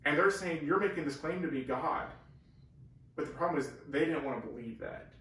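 A man's voice: fairly high pitch, a little fast, a bit bright. A man teaching the Bible in a casual, earnest way, explaining and leaning hard on key words. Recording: very echoey room, far from the mic.

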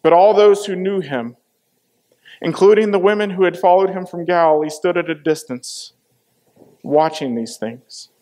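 A man's voice: sits high, moderate pace, mellow. A man preaching a sermon, dramatically retelling a scripture passage and acting out the voices in it. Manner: dramatic, acts out the quoted voices.

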